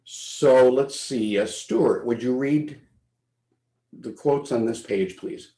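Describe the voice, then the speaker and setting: A man presenting on a video call, talking in a thoughtful, halting way with frequent restarts. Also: medium pitch, warm tone, rough recording. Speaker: presenter and teacher. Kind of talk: webinar presentation, casual commentary.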